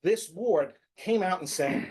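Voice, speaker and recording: Town official, man, high voice, insistent and stammering, apologetic under pushback. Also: expressive, a little slow, darkish tone, breathy edge. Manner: insistent, stammering restarts, apologetic when challenged. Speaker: town official at a public meeting. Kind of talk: heated public meeting debate.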